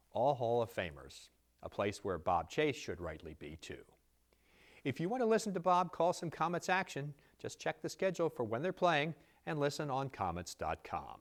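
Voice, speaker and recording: A man with a fairly low voice reads hockey news copy in a measured, even cadence. It sounds like a clean, scripted studio read. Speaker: show host. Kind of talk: scripted sports news narration.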